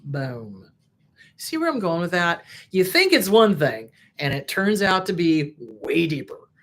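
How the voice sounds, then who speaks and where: A woman's voice: lowish voice, unhurried. Frank, emphatic woman therapist. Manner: frank, emphatic, animated, playful asides. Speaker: therapist host. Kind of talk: casual advice talk to camera.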